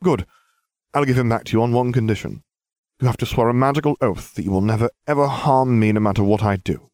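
A man's voice: medium pitch, quick pace, a little mellow, no room sound, voice pushed up, lightly acted. A man voicing a smug, scheming boy wizard who talks in a grandiose, condescending way.

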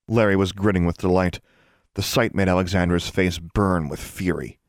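A man reading a fantasy story aloud in a measured, even narration. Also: deep voice, no room sound, clean studio sound. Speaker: audiobook reader.

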